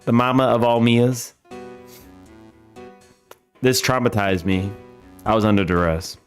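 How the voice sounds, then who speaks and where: A man's voice: medium pitch, fairly even intonation, moderate pace, pauses often, faint music behind. A man streaming a video game, joking in mock-lawyer speech. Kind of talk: casual live-stream banter.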